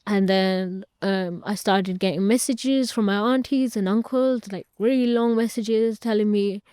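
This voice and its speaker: Young woman, interview guest, earnest personal storytelling, mellow smooth tone, dry close sound. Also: mid-range voice, a little slow, dry recording. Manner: earnest, retells family dialogue at length.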